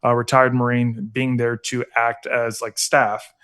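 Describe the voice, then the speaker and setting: A middle-aged man, a foundation founder appearing as a guest on a casual podcast, speaks earnestly and conversationally with lots of fillers. He is getting emotional and teary. His medium-pitched voice is level, unhurried and a bit bright.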